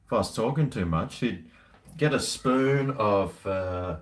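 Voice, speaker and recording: A man's voice: lowish voice, expressive, a little slow. A man chatting casually and cheekily with viewers on a live stream, joking and trading slangy banter as he tastes a beer.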